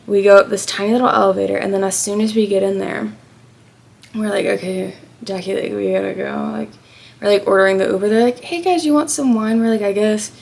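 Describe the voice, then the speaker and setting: Young American woman vlogger, casual storyteller, heavy vocal fry, mid-pitched, acts out the voices in her story. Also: flat delivery, a little fast, a little mellow. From United States. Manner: chatty, acts out quoted people. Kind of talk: storytime travel vlog.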